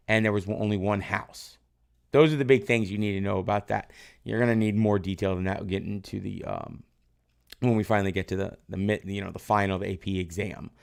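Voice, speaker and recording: Male teacher, low gravelly voice, casual live review lesson, keeps quizzing the class and praising answers. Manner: quizzes viewers and praises their answers from chat; loose, rambling, tag questions like "right?". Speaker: history teacher.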